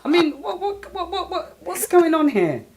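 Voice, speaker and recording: A woman's voice: very high voice, very animated, normal speed, noisy background. A woman hosting a casual online radio show, reining in her co-hosts with exasperated laughter. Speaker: host.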